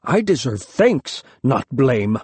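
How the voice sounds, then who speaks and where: A man's voice: medium pitch, very animated, moderate pace, a little mellow, breathy edge, no room sound. Proud, cornered father, read by a male narrator; clipped, tight delivery, dry close sound. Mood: tight angry. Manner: clipped, through clenched teeth. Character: proud, cornered father, angry then pleading. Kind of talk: audiobook character reading.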